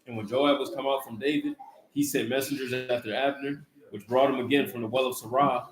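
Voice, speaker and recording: A man reads Scripture aloud to a study group in a steady, plain voice. His reading carries a roomy echo from the space around him. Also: medium pitch, fairly quick. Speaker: scripture reader.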